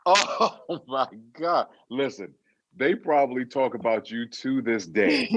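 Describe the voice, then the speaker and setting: Lively laughing man on video call. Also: medium pitch, slow pace, dry recording. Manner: laughs often, animated teasing. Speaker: guest singer. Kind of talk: casual chat. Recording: dull lo-fi sound.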